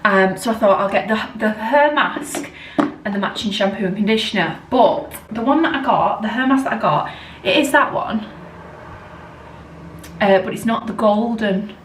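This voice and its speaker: A chatty woman vlogging at home, rambling along with plenty of "like" at a middling pitch. She sits a little away from the camera, and her voice carries a roomy echo with a faint hum of background noise. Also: normal speed, recorded from a distance. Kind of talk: casual chat to camera. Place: at home indoors. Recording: roomy sound from off-mic.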